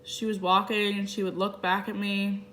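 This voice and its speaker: Interpreter, woman, mid-range voice, halting first-person voicing of a signed story. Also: mid-range voice, level tone, fairly bright tone, slight background noise. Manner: halting, piecemeal phrasing with restarts. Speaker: sign language interpreter.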